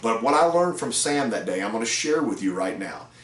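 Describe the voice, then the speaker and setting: A man's voice: medium pitch, sing-song, a little fast, a bit bright. A middle-aged man who trains car salespeople, telling a story in a casual, rambling way with fillers. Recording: roomy echo, distant mic.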